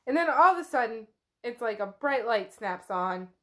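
A woman's voice: fairly high pitch, expressive, moderate pace. A woman co-hosting a book podcast, retelling the chapter in a loose, chatty way, laughing often and swearing now and then. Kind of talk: casual book recap chat.

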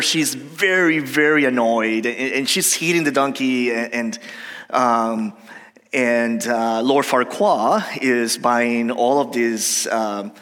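A man's voice: medium pitch, a bit bright. A man preaching a sermon in a loose, hesitant, conversational manner, often stopping and starting. His voice sits in an ordinary middle register. A long reverb hangs behind him, as in a large church hall. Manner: hesitant, many fillers and restarts. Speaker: pastor.

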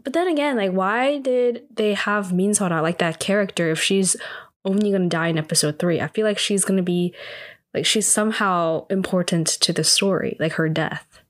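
A woman's voice: mid-range voice, moderate pace. Chatty young woman recapping a drama. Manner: chatty, heavy use of "like", rising disbelief. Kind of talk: casual episode recap.

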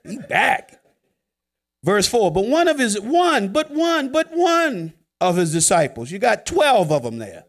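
A man delivers a sermon in a relaxed, joking tone, as if chatting with his congregation. His voice sits high for a man and leaps up and down the scale. He jumps from loud, drawn-out emphasis to quiet asides. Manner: conversational, joking preaching with sudden swings from loud to hushed. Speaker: preacher.

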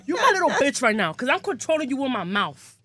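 A woman's voice: high voice, sing-song, fast talker, fairly bright tone, dry recording. A brash young woman from the New York area, a podcast guest talking crudely and boastfully and acting out her own lines. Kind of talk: explicit casual chat.

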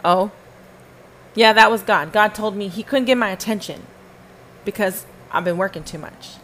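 A podcast host with a mid-range, slightly bright voice gives a fervent, emphatic testimony at a moderate pace, repeating phrases for stress and turning between her listeners and God. The rough recording has slight background noise.

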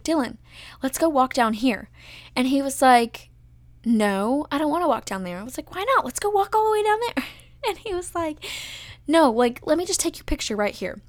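Young woman, slightly high voice, chatty and gushing, storytelling vlog, dry close sound. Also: dry recording. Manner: gushing, animated, full of "like" and "oh my gosh". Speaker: vlogger telling her proposal story. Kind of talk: casual storytelling.

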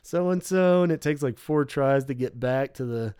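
A man's voice: mid-range voice, steady tone, moderate pace, darkish tone, smooth, no echo, studio quality. A man co-hosting a podcast in casual chat, rambling and swearing, with lots of filler "like". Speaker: podcast co-host.

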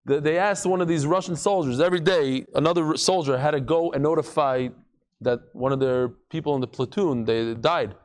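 Lively, high-pitched male Talmud teacher, playing out stories in class. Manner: animated, acts out quotes with shifting voices and jokes.

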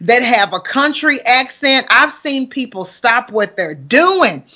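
A woman's voice: fairly high pitch, big pitch swings, takes it slowly. A woman in her forties from Alabama with a Southern country accent, hosting a live broadcast in a chatty, upbeat way. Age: 40s. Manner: chatty, warm greetings to listeners, upbeat. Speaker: host and pastor. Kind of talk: casual live broadcast chat.

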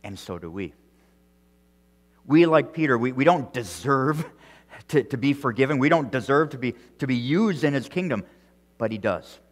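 A male pastor preaching an earnest sermon, repeating words as he goes and swinging between loud emphasis and quiet, soft phrases. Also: medium pitch, lively intonation, moderate pace, pauses often, big-room sound. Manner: earnest preaching with frequent restarts and strong swings in loudness.

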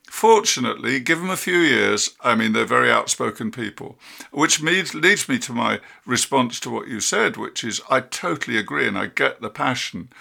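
A man's voice: mid-range voice, gravelly, bright, forceful tone, slightly rough. A man in his sixties from the United Kingdom, hosting a podcast interview, reflective and telling stories. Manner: reflective, storytelling with quoted dialogue. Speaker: podcast host, psychologist. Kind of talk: conversational interview.

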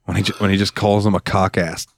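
A man's voice: low-pitched, level tone, fast talker, gravelly, no echo, clean studio sound. A man co-hosting a podcast in casual, laid-back chat, mumbling a bit and often quoting movie lines. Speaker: podcast co-host.

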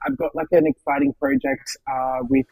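A man's voice: mid-range voice, flat delivery, normal speed, a little mellow, poor audio. A man, a comedian guest on a podcast, brash and sassy and swearing freely. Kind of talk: casual chat.

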